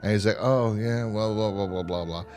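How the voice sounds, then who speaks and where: Low-voiced man recapping a show casually. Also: darkish tone, faint music behind. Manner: rambling, profane, acts out characters' lines in quick voices. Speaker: podcast host reviewing a TV series.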